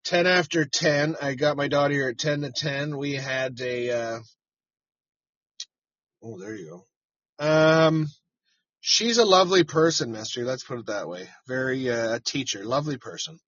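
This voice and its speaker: A man's voice: mid-range voice, animated, normal speed, fairly bright tone, no room sound, highs cut off. A middle-aged man, a chicken farmer hosting a casual live stream from his parked truck, rambling, cursing freely and chatting to viewers by name.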